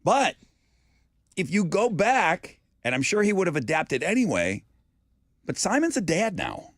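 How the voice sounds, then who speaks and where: A man's voice: high voice, measured pace, no echo. A man hosting a radio show, teasing his co-hosts in casual studio banter. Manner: teasing, animated storyteller.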